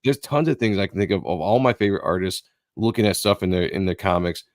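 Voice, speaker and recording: A man's voice: low-pitched, fast talker, no echo, clean studio sound. A man hosting a live stream, chatting in a laid-back way and tripping over his words now and then. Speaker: host. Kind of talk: casual chat.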